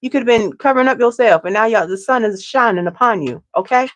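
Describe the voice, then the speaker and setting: A woman's voice: on the high side, quick pace. A woman giving a casual tarot reading to her viewers, chatty and repetitive, often asking "okay?". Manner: chatty, tags lines with "okay?", repeats herself. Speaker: tarot reader.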